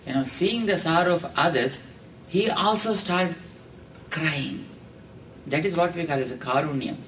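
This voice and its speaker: Here a spiritual teacher delivers a slow, explanatory religious talk in Indian English, peppered with "you know" and chanted Sanskrit verses. He's a man whose tone is fairly bright and slightly high. Faint background noise comes through on a distant microphone.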